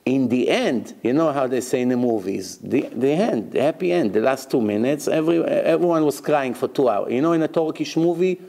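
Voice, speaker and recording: A man, a rabbi, giving a Talmud lecture, telling the story with lively rhetorical questions and explaining terms as he goes. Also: mid-range voice, fairly quick, vocal fry, hardly any pauses.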